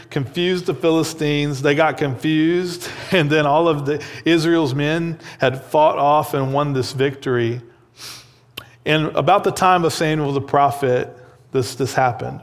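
A man's voice: on the high side, long reverb tail. A man teaching a Bible lesson in a conversational way, often checking in with "okay?" and "right?" and repeating words as he thinks.

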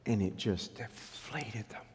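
A man's voice: lowish voice, slow, a little mellow, a little hiss or hum. A male pastor preaching a sermon and storytelling with animation, speaking directly to the congregation. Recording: long hall reverb.

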